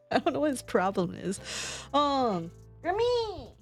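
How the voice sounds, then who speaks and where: A woman's voice: medium pitch, lively intonation, fairly quick, gravelly, a little mellow, faint music behind. A young woman streaming casual chat from home, rambling, laughing often and swearing. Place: home room.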